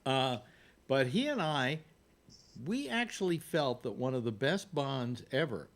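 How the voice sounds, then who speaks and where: An older man hosting a casual panel chat, telling stories in a rambling way with halting restarts and laughs. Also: mid-range voice, very animated. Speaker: radio talk show host.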